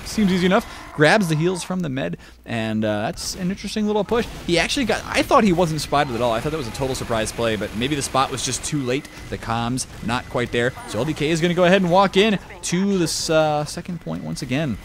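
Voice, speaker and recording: A young man casting a competitive online game solo, chatty and jokey, talking to the viewer and jumping up in pitch on big plays. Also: expressive, a little fast, creaky, hardly any pauses, a little hiss or hum. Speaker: shoutcaster. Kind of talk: esports play-by-play commentary.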